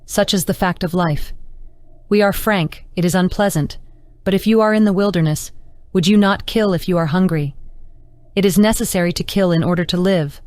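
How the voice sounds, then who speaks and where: Woman narrator playing a stern, mocking woman interrogator; low, smooth, dry audiobook read. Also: moderate pace, darkish tone, dry recording, lightly acted.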